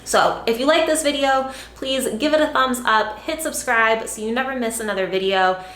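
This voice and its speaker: In a casual vlog straight to camera, a woman fitness coach speaks at normal speed with a slightly high, fairly bright voice; the recording sounds roomy and has slight background noise. Encouraging toward her viewers, she tends to repeat herself, leaning heavily on "right?" and "like."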